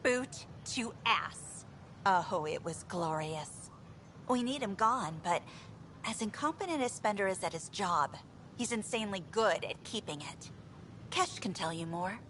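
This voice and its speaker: An outspoken, exasperated engineer. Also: female voice, mid-range voice, expressive, a little slow, fairly bright tone, a little hiss or hum. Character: frustrated female engineer, outspoken. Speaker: game character.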